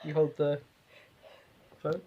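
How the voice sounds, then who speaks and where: A man's voice: on the high side, level tone, slow pace, warm tone, breathy edge, muffled recording. A young British man chatting casually at home with his wife, amused and poking fun at himself. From Britain. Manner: amused, self-mocking. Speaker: husband with hiccups.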